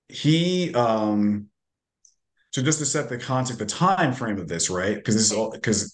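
Man, guest author, casual chat, fairly low voice, explanatory, filler-heavy. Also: fairly bright tone.

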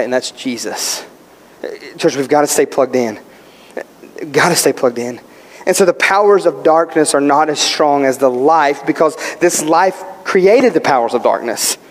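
A male pastor preaching a sermon, emphatic, posing questions and answering them himself. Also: medium pitch. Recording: long hall reverb.

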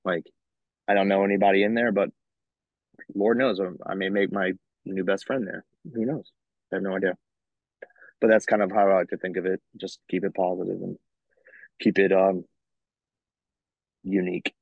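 Metal singer guy telling stories on a podcast, raspy low voice, dry muffled audio. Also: normal speed, pauses often, dry recording. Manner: animated storyteller, laughs between lines. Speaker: metal band vocalist, guest. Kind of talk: casual chat. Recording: dull lo-fi sound.

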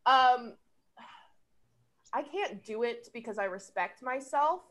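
Giggly, wry woman, high and very expressive voice, unhurried delivery. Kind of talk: casual chat.

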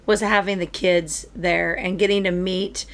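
A woman's voice: on the low side, steady tone, a little slow. A woman in casual conversation who chats in a friendly, sociable way and backs up her guest. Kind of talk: casual chat.

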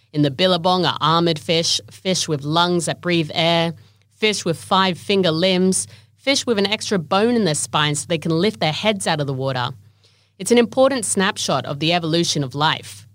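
A woman narrating a documentary in a measured, steady scripted voice. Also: on the low side, no room sound, studio quality.

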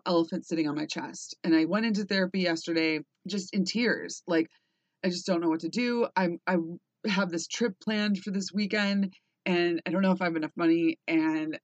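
A woman's voice: on the low side, no echo, muffled recording. A woman in her thirties or forties hosting a personal podcast, talking candidly, swearing freely and rambling with restarts. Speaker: podcast host.

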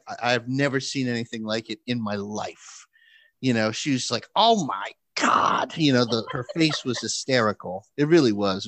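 A man's voice: medium pitch, no room sound. A man telling a funny story in casual chat, acting out the people in it and laughing as he goes. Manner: animated, acts out quoted voices with laughs.

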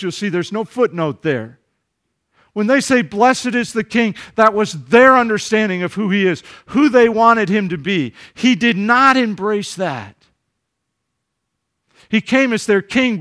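Pastor, male, high voice, earnest sermon delivery, rhetorical questions, repeats words off the cuff. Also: fairly bright tone. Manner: earnest preaching with rising emphasis and rhetorical questions.

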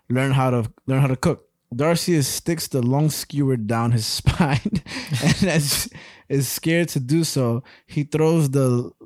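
A man's voice: medium pitch, darkish tone, no room sound, clean studio sound. A young man co-hosting a podcast, laid-back and profane, laughing often as he tells a story and banters. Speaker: podcast co-host. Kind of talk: casual podcast chat, reading a comic story.

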